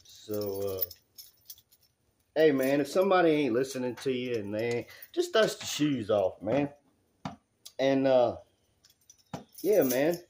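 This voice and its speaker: A man from Alabama, vlogging casually about his renovation work with a rambling, folksy manner that swings into loud rants. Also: medium pitch, big pitch swings, takes it slowly, pauses often, a little hiss or hum. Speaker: handyman vlogger. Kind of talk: casual vlog chat. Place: house under renovation, indoors. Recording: echoey room.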